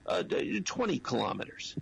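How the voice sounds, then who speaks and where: A man's voice: high-pitched, wildly swooping pitch, moderate pace, vocal fry, breathy edge, poor audio. A man giving the weather on a radio chat show in an easygoing, hesitant way. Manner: hesitant, easygoing, full of fillers. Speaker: weather contributor.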